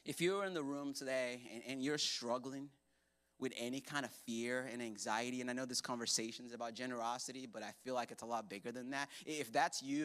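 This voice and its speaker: A man preaching a sermon in a church, animated and joking as he acts out quoted voices. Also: medium pitch. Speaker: pastor. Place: church hall.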